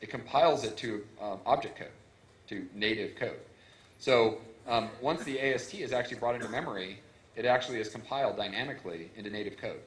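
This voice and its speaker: A lowish-voiced man speaks at a conference, walking through technical details in a loose, conversational way. He talks with many fillers and restarts into a stage microphone. His voice rings out in a roomy hall. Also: brisk. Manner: casual, filler-heavy explaining with frequent restarts.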